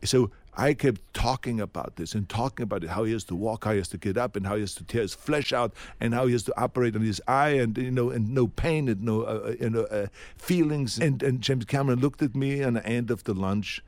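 An older man with a strong non-native accent, telling emphatic, animated stories as an interview guest and often restarting his sentences. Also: mid-range voice, brisk, hardly any pauses, no room sound. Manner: emphatic, animated anecdotes with many restarts and acted-out quotes. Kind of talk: storytelling in a sit-down interview.

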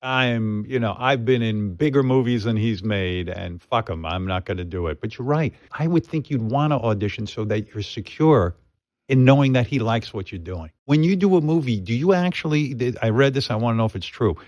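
A man's voice: medium pitch, lively intonation, normal speed, a little mellow. A man hosting an interview, curious and chatty as he asks his questions. The recording is dry and close, with no room echo. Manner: curious, conversational. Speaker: interviewer host.

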